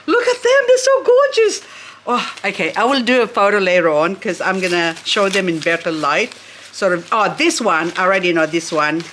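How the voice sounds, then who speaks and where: A woman's voice: mid-range voice, pushed and bright, a little hiss or hum. A woman vlogging at home, chatty and gushing as she unboxes succulents and talks to her plants. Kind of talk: casual unboxing chat.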